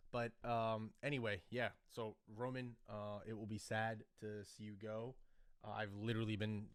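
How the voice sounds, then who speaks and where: Rambling man with a low, dry voice. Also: little pitch movement, normal speed, clear, resonant tone, no echo. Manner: rambling, with many fillers and restarts. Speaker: podcast host. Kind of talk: casual solo commentary. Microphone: desk microphone.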